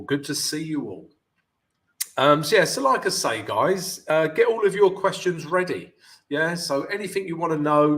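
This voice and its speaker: This forex trading livestream host sounds a little high-pitched and fairly bright as he chats casually with viewers, calling them "guys." He's upbeat and talkative, though his speech comes out slightly thick and off because he's still numb from dental work.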